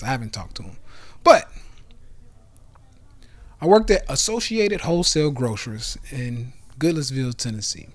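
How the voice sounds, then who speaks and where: A man in his thirties hosting his own podcast, talking through a casual motivational monologue that jumps from loud bursts to low asides, with the odd curse. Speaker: podcast host and investment club founder.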